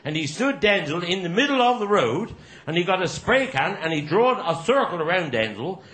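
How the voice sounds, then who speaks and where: A man telling crude stand-up jokes with lively delivery and laughter. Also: high voice, normal speed. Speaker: stand-up comedian. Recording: roomy echo.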